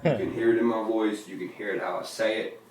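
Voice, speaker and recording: A man at ordinary speaking pitch tells laid-back, profanity-laced stories about his own song lyrics. He is recorded in a very echoey room, far from the mic. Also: steady tone, fast, a little mellow, a little hiss or hum. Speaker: musician explaining his lyrics. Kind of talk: casual interview talk.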